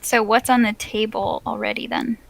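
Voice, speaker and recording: Bright-voiced woman player. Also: on the high side, moderate pace, creaky, poor audio. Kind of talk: tabletop game play.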